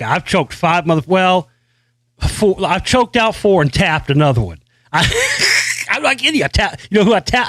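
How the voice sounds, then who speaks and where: A man hosting his own show rants profanely and boastfully, brash in tone and repeating himself again and again. His high-leaning voice is recorded in clean studio sound without echo.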